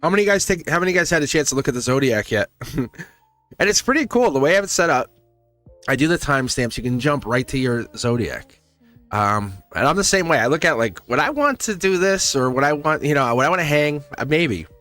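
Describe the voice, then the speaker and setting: A man's voice: on the high side, sing-song, a little fast, fairly bright tone, soft background music. A man hosting a live tarot stream, talking casually and encouragingly to his chat with frequent laughs. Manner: rambling, encouraging, laughs often; talks straight to chat viewers.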